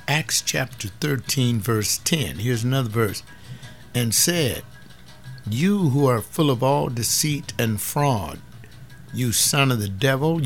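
A man's voice: mid-range voice, creaky. A man preaching a fiery sermon on a webcast, scolding and confrontational as he reads and explains verses.

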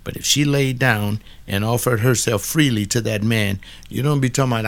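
A man's voice: mid-range voice, normal speed. An older man, casually commenting on a book in a blunt, preachy way, often arguing with an imagined listener.

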